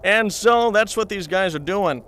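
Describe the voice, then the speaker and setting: A man's voice: high-pitched, unhurried, fairly bright tone. A man telling a comedic, meandering anecdote in character as a reporter, chatting to his viewers.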